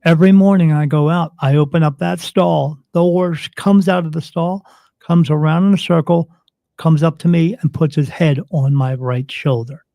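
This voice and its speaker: A man's voice: on the high side, normal speed, creaky, no echo. A man, a spirit medium guest on an interview show, telling a story and acting out the dialogue of the people in it. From United States. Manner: animated retelling, acts out quoted dialogue.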